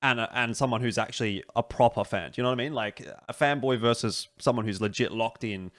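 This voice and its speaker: A man's voice: mid-range voice, quick pace. A man co-hosting a casual podcast, bantering and teasing. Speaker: podcast co-host.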